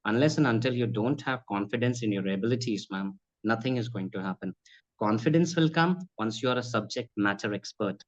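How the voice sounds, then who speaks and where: A man's voice: fairly low pitch, fairly quick. Earnest man. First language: Bhojpuri. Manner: earnest, advisory, keeps addressing her as ma'am. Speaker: spoken English and accent trainer. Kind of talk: conversational interview answers. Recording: slightly dull lo-fi audio.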